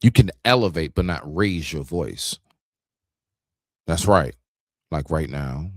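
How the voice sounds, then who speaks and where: A man's voice: rumbling low, measured pace, pauses often, dry recording, studio quality. A man co-hosting a talk stream, arguing his point in a heated, emphatic casual debate. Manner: animated, confrontational, emphatic, demonstrates raising his voice.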